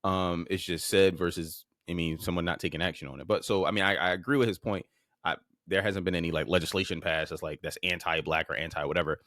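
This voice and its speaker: A man hosts a podcast, talking fast in a low, fairly bright voice with a steady tone. He comments bluntly and informally on clips he plays, swearing casually and restarting phrases, in a dry studio-quality recording.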